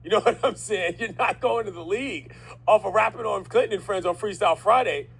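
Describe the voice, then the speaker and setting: A man's voice: high-pitched, fairly quick, gravelly, a bit bright, breathy edge, low-quality recording. A man hosting a sports radio show, upbeat and laughing often as he reacts to callers.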